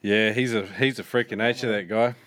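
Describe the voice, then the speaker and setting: A man's voice: fairly low pitch, fairly even intonation, a little fast, fairly bright tone. A man with a New Zealand accent hosting a podcast interview, teasing with a dry sense of humor. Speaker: podcast host.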